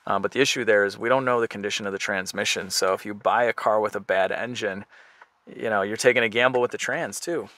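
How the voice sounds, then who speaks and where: A man's voice: fairly low pitch, steady tone, fast talker, bright, forceful tone, no echo. A man giving casual, chatty commentary as he walks around and inspects a car, thinking aloud as he goes. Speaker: car flipper vlogger.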